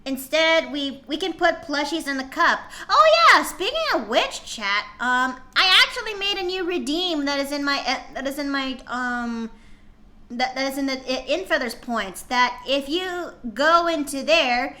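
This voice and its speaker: A woman streamer reads fan fiction on a live stream and chats to her viewers, sounding dramatic and exasperated and swearing often. Her voice is high, expressive, a little slow, with a sharp tone.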